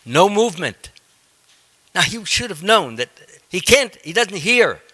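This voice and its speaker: Man teaching a scripture class, storytelling, animated pitch, bright clear tone, halting with restarts. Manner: halting, with frequent ums and restarts. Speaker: monk giving a scripture class.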